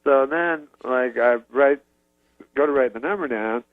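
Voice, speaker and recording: A man, a comedian, telling a long rambling story in a halting, deadpan way and chuckling now and then. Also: medium pitch, no room sound. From Canada. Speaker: comedian guest. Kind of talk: rambling storytelling on a radio interview. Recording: dull dry lo-fi radio recording.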